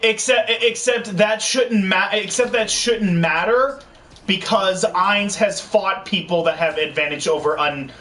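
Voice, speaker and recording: A man's voice: high-pitched, a little slow, sharp tone. A young man co-hosting a gaming video in casual chat, rambling with many restarts and fillers. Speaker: co-host of a gaming channel. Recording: distant mic with faint noise.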